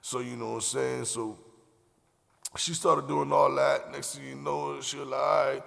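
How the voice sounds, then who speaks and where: A man's voice: mid-range voice, flat delivery, moderate pace, vocal fry, a bit bright. A young man telling loose, profane stories on his podcast, rambling with lots of fillers. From Miami, Florida. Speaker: podcast host. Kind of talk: casual storytelling. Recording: long hall reverb.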